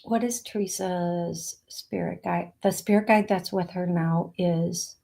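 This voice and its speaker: A woman hosting a live psychic reading stream, talking slowly and affectionately to viewers, with many fillers while she reads comments. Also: lowish voice, steady tone, vocal fry, mellow. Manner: slow, soothing, affectionate. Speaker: psychic medium host.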